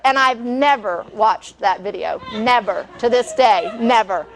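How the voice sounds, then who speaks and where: A woman's voice: on the high side, measured pace, hardly any pauses. A middle-aged woman, teaching a live cooking class and telling stories, chatty with frequent laughter and fillers.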